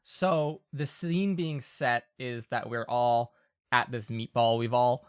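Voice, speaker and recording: A woman running a tabletop game in casual chat, reacting loudly and swearing freely. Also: rumbling low, steady tone, takes it slowly, smooth.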